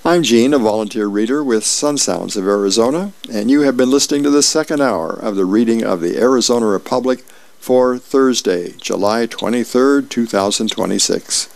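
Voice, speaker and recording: Gravelly-voiced man reading aloud, unhurried. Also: mid-range voice, no room sound. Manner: friendly, unhurried reading with small asides. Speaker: volunteer reader. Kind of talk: reading newspaper comics and birthdays aloud.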